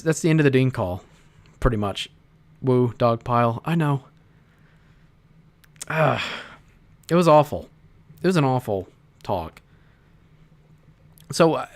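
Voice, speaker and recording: A man hosting an informal commentary. His delivery is rambling and halting, with many restarts and casual swearing. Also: mid-range voice. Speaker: host.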